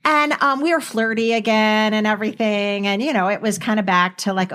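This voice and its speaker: An older woman co-hosting a podcast, rambling warmly through a dating story in casual chat. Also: medium pitch, moderate pace, few pauses. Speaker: podcast co-host.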